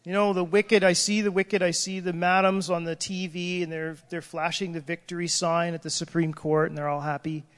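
A man's voice: high-pitched, flat delivery, moderate pace, few pauses, fairly bright tone. A man preaching an emotional sermon, crying out in prayer and breaking off mid-sentence. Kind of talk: impassioned sermon. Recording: long hall reverb.

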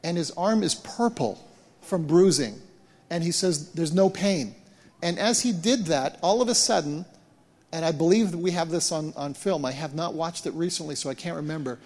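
A man preaching as a pastor, retelling events in an animated way and often repeating words as he restarts. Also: fairly high pitch, moderate pace. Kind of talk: sermon storytelling. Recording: long hall reverb.

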